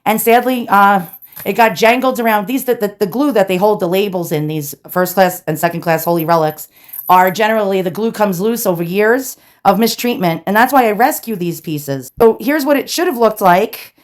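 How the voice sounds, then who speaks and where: A woman's voice: mid-range voice, moderate pace. A woman with a New York accent who chats casually to viewers while she unboxes and cleans an old relic, talking straight to the audience. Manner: chatty, animated, talks to viewers directly. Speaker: relic restorer and video host.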